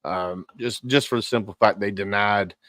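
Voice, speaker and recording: A man in his forties, a veteran guest talking casually in an interview, halting and repeating words with many fillers. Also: lowish voice, a bit bright, no echo. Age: 40s.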